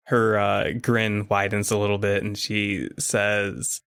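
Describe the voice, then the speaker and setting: A man narrating as game master in a tabletop game, relaxed and descriptive. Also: lowish voice, slow, creaky, hardly any pauses, clear, resonant tone, dry recording.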